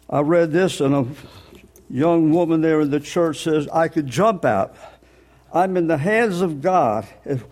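An older man delivers a sermon in a notably high voice. He explains scripture patiently, step by step, and draws out the words he wants to land. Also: a little mellow. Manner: plain teaching tone, slows on key words, explains scripture step by step. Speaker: preacher.

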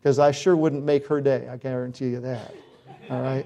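Folksy preaching man, mellow tone. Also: medium pitch, flat delivery, moderate pace, muffled recording. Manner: folksy, emphatic preaching with rising exhortations. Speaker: pastor. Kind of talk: sermon.

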